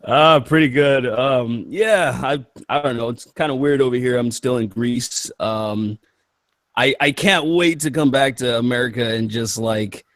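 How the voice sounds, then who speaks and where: A man's voice: mid-range voice, a little slow, fairly bright tone, no echo, studio quality. Hesitant man guest, mid voice. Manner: hesitant, many fillers and restarts. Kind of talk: casual group chat.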